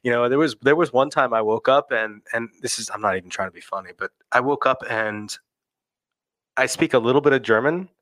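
A man talking through his past in recovery during a relaxed conversation. He wanders and restarts as he thinks aloud, and the recording is dry and close, with little room sound. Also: medium pitch, brisk, no room sound. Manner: reflective, rambling with restarts. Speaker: person in recovery sharing experience. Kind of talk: casual personal conversation.

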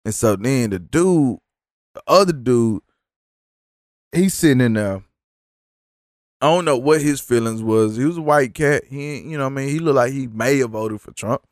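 A man rants through a casual story, profane and exasperated, his thoughts rambling. His voice sits at an everyday middle pitch, and the sound is dry and close. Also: no room sound.

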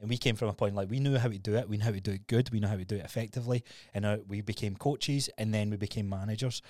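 A man's voice: lowish voice, rapid-fire, no room sound. A young man co-hosting a podcast, telling stories in a casual, sweary way. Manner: swearing, storytelling, animated retellings. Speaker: podcast co-host. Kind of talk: casual chat.

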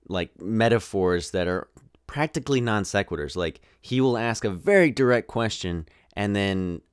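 A man's voice: low-pitched, clean tone, no room sound, clean studio sound. A man hosting a podcast, giving a casual, rambling movie review with lots of restarts. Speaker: podcast host.

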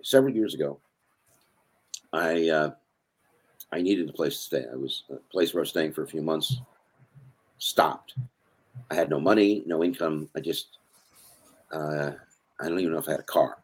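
A man's voice: a bass voice, animated, moderate pace, long pauses, slightly rough. An older man telling rambling stories as a podcast guest, interrupting himself as he goes. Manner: rambling, self-interrupting storyteller. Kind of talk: casual storytelling.

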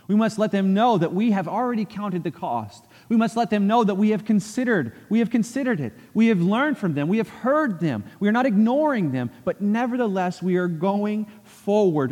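A man's voice: a little high, a little mellow, in a large hall. A man preaching a sermon from a church pulpit, earnest, repeating phrases for emphasis and acting out quoted speech. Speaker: pastor. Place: church sanctuary.

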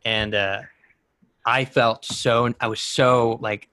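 A man's voice: mid-range voice, level tone, slow pace, bright, forceful tone, dry recording. A man in his twenties chatting casually as a podcast co-host, rambling through a personal story with many restarts. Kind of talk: casual chat.

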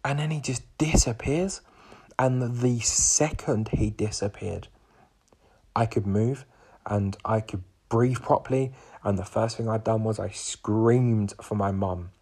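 A man's voice: fairly low pitch, slow pace, darkish tone, breathy edge. A man in his twenties hosting a podcast, telling a personal story in a rambling way full of fillers and restarts. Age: 20s. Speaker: podcast host.

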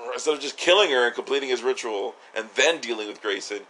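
A podcast co-host talks a little fast in a sharp-toned, mid-range voice, with some slight noise in the background. His casual TV episode review is jokey, and he swears and laughs a lot.

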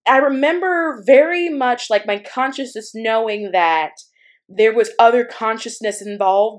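A woman casually telling a personal spiritual story. She rambles, often saying "like" and "um" and restarting her sentences. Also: a little high. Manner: rambling, many fillers and restarts. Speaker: spiritual channeler.

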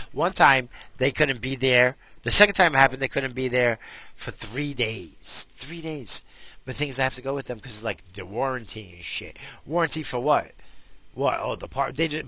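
Raspy, gravelly man ranting profanely. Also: mid-range voice, pushed and bright, no echo. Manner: profane, rambling, exasperated. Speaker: vlogger with a wife and kids. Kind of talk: casual rant to camera.

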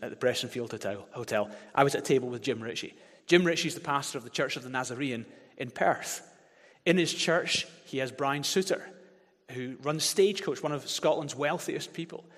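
A man preaching a sermon as pastor, passionate and emphatic, leading his congregation to repeat verses aloud. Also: medium pitch. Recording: long hall reverb.

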